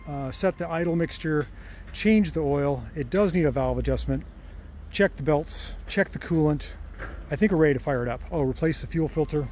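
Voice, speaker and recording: A man with a slightly high voice talks through his car repairs in a plain, matter-of-fact way, as if working with his hands. He is a little out of breath. A noisy engine runs clearly behind him. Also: darkish tone. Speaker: mechanic vlogger. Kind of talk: casual workshop narration. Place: garage and then driving a small car.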